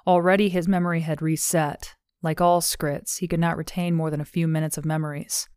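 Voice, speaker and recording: Low, smooth-voiced woman narrating a novel. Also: little pitch movement, a little fast, a little mellow, no echo, clean studio sound. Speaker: audiobook narrator. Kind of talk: scripted audiobook narration.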